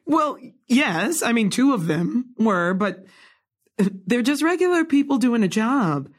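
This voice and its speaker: A woman's voice: fairly high pitch, very animated, slow, exaggerated voice. A woman playing an awkward, self-deprecating playwright. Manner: hesitant, trailing off, laughs nervously. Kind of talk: contemporary stage drama dialogue.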